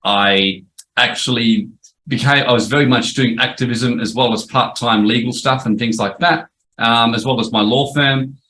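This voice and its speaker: A man's voice: medium pitch, steady tone, normal speed, bright, forceful tone, slight background noise, rough recording. A middle-aged man, a former lawyer presenting a webinar course in a chatty, storytelling way. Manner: chatty storytelling, frequent restarts and "yep".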